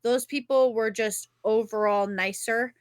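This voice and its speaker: A young woman, co-hosting a podcast and telling a rambling, animated story in casual chat, swearing freely. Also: a little high, measured pace, clean tone, no room sound. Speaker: podcast co-host.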